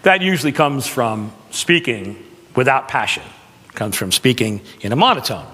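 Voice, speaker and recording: A man of middle pitch leads a live seminar on public speaking. He talks in a loose, animated way, leaning on words for emphasis. His voice carries a long reverb from a big hall. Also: moderate pace, background noise. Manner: animated, conversational, demonstrates with emphasis. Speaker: presentation skills coach.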